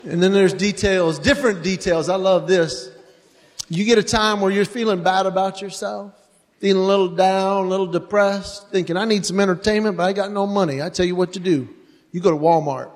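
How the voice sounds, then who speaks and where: A man's voice: high-pitched, steady tone, normal speed, big-room sound. A man doing stand-up comedy before a live audience, animatedly telling family stories.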